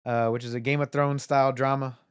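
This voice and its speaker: A laid-back man co-hosts a podcast, keeping the chat casual and joking. His voice sits in a middle pitch. The sound is close and dry. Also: level tone, a little fast, clear, resonant tone, no echo. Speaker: podcast co-host.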